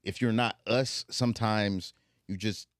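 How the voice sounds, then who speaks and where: A young man from the Southern United States with an African American accent chats casually at a measured pace, his voice on the low side. His storytelling is animated and digressive, full of asides.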